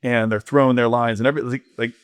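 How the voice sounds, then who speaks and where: A man's voice: medium pitch, fairly even intonation, quick pace, smooth, no room sound, studio quality. A man, a podcast guest, telling an ocean-rowing story candidly, rambling with lots of fillers. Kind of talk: casual storytelling interview.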